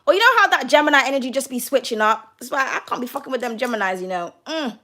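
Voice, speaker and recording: Animated and quick, this young tarot reader has a high, bright, forceful voice. She gives a casual reading, talking freely, calling the listener "darling" again and again, and cursing openly.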